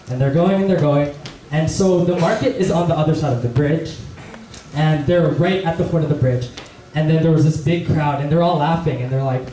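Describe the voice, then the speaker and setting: A young man giving a casual church message, telling a story in a relaxed, chatty way full of fillers. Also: a little high, moderate pace, far from the mic. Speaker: preacher. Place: church hall. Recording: echoey church hall, faint room noise.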